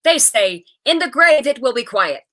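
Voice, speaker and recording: A woman reading a story aloud, voicing a weary mother who pleads with her loud child. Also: high voice, very animated, moderate pace, voice pushed up, heavily acted. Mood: wry. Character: anxious pleading immigrant mother.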